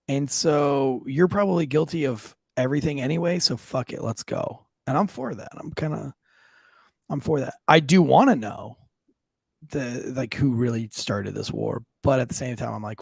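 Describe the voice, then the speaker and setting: A man's voice: mid-range voice, moderate pace, vocal fry, a little mellow, breathy edge, no echo. A man in his thirties, a former police officer co-hosting a true crime podcast, talking in blunt, profane, joking banter. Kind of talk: casual banter.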